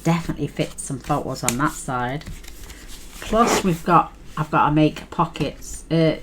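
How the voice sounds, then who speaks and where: A woman's voice: low voice, unhurried, background noise. A middle-aged woman chatting casually as she walks through a craft project, rambling and thinking aloud with fillers. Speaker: crafting channel host. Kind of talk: casual craft tutorial chat.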